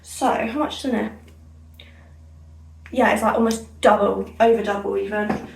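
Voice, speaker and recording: A woman's voice: mid-range voice, fairly even intonation, moderate pace, gravelly, a little mellow, far from the mic. A young woman from England, chatting in a rambling, self-correcting way while she dyes her hair for a vlog. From Somerset, England. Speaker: vlogger. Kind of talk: casual hair-dye vlog chat. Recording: echoey room, off-mic.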